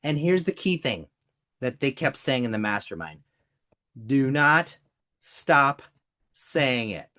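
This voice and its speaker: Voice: mid-range voice, very animated, slow pace, long pauses, bright, forceful tone. A business coach hosting a podcast, talking emphatically to a co-host, repeating key points and getting emotional over the examples.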